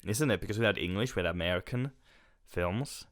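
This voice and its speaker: A man's voice: fairly low pitch, fairly quick, fairly bright tone, dry recording, studio quality. A young man co-hosting a podcast in casual chat, joking, giggling and restarting his sentences. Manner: giggly, jokey, trails off into restarts. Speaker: podcast co-host.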